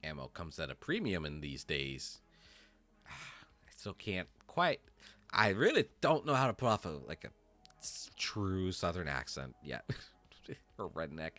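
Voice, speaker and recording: A man's voice: sits low, big pitch swings, unhurried, pushed and bright, soft background music. A man running a tabletop game as game master, rambling easily with lots of fillers. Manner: easygoing, rambling, full of fillers. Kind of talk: casual narration of a tabletop game.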